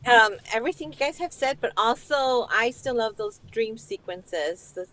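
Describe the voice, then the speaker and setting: A woman's voice: fairly high pitch, lively intonation, moderate pace, a bit bright. A woman co-hosting a casual live film review, gushing about favorite scenes and laughing often. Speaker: podcast co-host.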